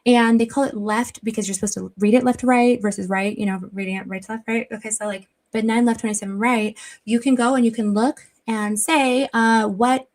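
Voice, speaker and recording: A woman's voice: a little high, steady tone, fairly quick, a little mellow. A woman hosting a casual livestream from her office. She talks in a rambling, chatty way, full of "like" and "blah, blah". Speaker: livestream host. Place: her office without air conditioning.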